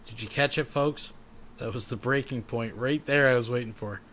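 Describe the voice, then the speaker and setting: Man, tipsy, crude, rambling commentary host, mid pitch, faint background hiss. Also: moderate pace, a bit bright. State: tipsy from beer. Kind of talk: casual reaction commentary.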